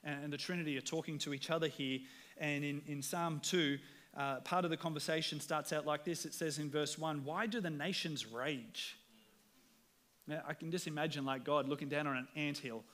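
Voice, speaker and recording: A man's voice: a little high, fairly even intonation, fairly quick, fairly bright tone. A man with an Australian accent, preaching a sermon as pastor in an earnest, conversational way, often repeating words as he starts sentences. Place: church.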